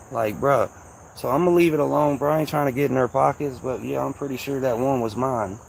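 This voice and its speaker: A man from Kentucky with a Louisville accent and a soft, slightly raspy voice, rambling casually to his viewers on a livestream in slang. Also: mid-range voice, brisk, slight background noise.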